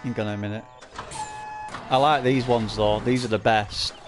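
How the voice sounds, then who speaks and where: A man's voice: fairly low pitch, steady tone, normal speed, background noise. A man commentating a live farming game stream, teasing viewers with crude, laughing banter. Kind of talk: live gameplay commentary, reading chat.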